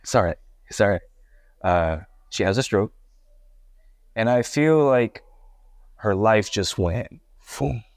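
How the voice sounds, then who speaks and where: A man's voice: lowish voice, lively intonation, slow, pauses often, dry recording, studio quality. A young man from Puerto Rico, a guest hip-hop artist, tells his life story in a candid, rambling way with many restarts. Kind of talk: casual interview storytelling.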